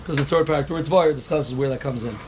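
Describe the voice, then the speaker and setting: A man's voice: on the high side, rapid-fire, darkish tone, slight background noise. A man teaching a daily Talmud class, explaining step by step, repeating key phrases and answering students' questions.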